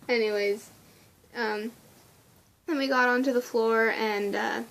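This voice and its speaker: Gushing, excitable young woman. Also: fairly high pitch, slow, gravelly. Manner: gushing and excitable, laughing often. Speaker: vlogger. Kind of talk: casual storytelling vlog.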